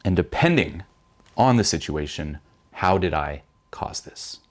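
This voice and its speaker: A young man giving blunt, profane self-help advice, mimicking panicked voices in a higher pitch. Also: expressive, a little slow. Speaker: vlogger giving life advice. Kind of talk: direct-to-camera self-help talk.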